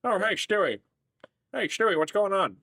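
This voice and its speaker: A man's voice: high voice, big pitch swings, moderate pace, bright, forceful tone, no room sound, voice pushed up, exaggerated voice. A man doing a mocking impression of a goofy male cartoon character, dry and close.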